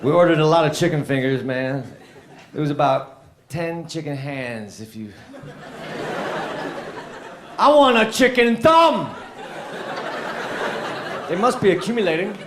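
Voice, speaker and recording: A man doing a stand-up comedy set of deadpan one-liners with a slow, drawling delivery. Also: a little high. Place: comedy club stage before a live audience. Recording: roomy live club recording, crowd noise.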